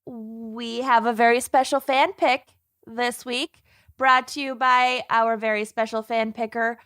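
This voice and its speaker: A woman's voice: a little high, little pitch movement, measured pace, a bit bright, clear, resonant tone, no echo, studio quality. A woman hosting a podcast, joking and chatting casually with friends. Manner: playful, joking. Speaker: podcast host. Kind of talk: casual chat.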